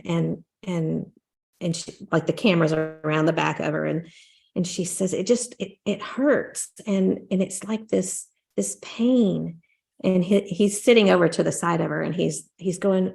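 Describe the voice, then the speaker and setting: A woman's voice: lowish voice, steady tone, normal speed, gravelly, a little mellow. A woman co-hosting a casual faith-based talk show, telling stories in a rambling way with repeated words and acted-out quotes. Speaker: podcast co-host. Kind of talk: casual chat.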